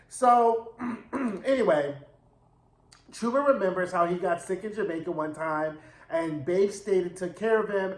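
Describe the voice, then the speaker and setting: A man giving a sassy, slangy, animated recap of a TV episode in a casual commentary style. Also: sits high, normal speed. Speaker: TV episode reviewer. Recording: roomy echo.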